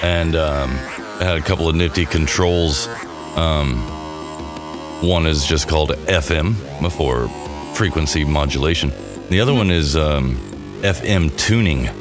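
Man, very low voice, podcast co-host, casual goofy chat, music playing behind. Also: unhurried. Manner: joking, goofy, rambling.

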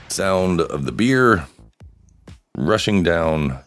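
A man with a low, deep voice hosts a solo live podcast, rambling casually and cracking crude jokes. His pitch swings around a lot as he talks, with faint music playing underneath. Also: very animated, a little slow, pauses often. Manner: joking, rambling, crude humor. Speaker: podcast host.

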